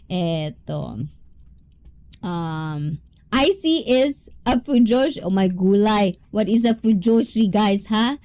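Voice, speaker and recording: A young woman chats with her viewers on a livestream, reading their comments aloud and laughing often. Her voice is mellow and her pace is slow and easy. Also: mid-range voice, lively intonation. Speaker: livestream host reading chat. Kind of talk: casual livestream chat.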